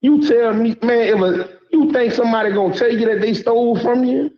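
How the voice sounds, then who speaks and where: A man's voice: very high voice, fairly quick. Heated Southern man on a lo-fi call. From Louisiana. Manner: heated, repeats "you hear me", blunt slang. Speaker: caller on a panel.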